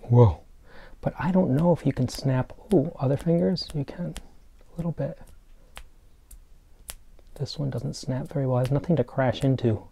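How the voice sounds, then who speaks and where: A man teaching preschool children remotely, explaining step by step in a gentle, playful way. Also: medium pitch, moderate pace, creaky, pauses often, slight background noise. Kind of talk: remote lesson for young children.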